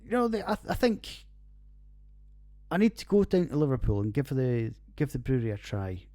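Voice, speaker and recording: A man's voice: medium pitch, sing-song, normal speed, dark tone, no echo. A Scottish man in his forties hosting a podcast, reviewing beers in a rambling, sweary, casual monologue and laughing at his own jokes. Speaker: podcast host. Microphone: computer recording.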